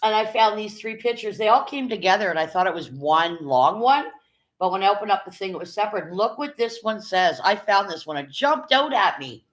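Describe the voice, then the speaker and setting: A woman's voice: medium pitch, lively intonation, a little fast. A middle-aged woman from Canada, chatting casually on a live stream, greeting viewers by name and swearing now and then. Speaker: livestream host.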